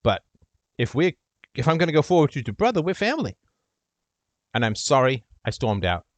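A man's voice: mid-range voice, sing-song, a little fast, dry recording, close to an everyday voice. A man voicing an imagined young girlfriend who apologizes in an earnest, reasonable way. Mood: apologetic.

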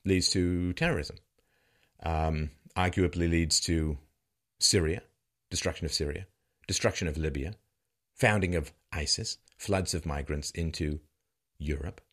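A man's voice: measured pace, pauses often. A middle-aged man giving a sardonic monologue commentary that mocks what he criticizes, with bursts of laughter. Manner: sardonic, mocking, with lively swings in pitch and bursts of laughter.

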